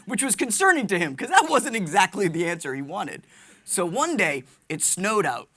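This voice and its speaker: Animated American comedian telling stories. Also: male voice, high voice, normal speed. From United States. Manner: animated, excitable, jumps between voices. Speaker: stand-up comedian, Army veteran. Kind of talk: stand-up comedy storytelling.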